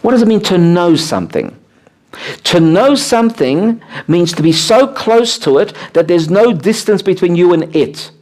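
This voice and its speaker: A rabbi teaching a small live group, explaining ideas with animated, swooping emphasis and many "uh" fillers. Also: male voice, moderate pace. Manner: animated, swooping pitch on key words, frequent "uh" fillers. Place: room with a small seated group.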